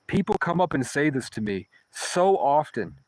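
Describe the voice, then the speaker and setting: A man's voice: on the high side, very animated, moderate pace, no room sound, poor audio. A young man telling a long personal story in a rambling, profane way, often restarting mid-sentence. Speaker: vlogger. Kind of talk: casual storytelling monologue.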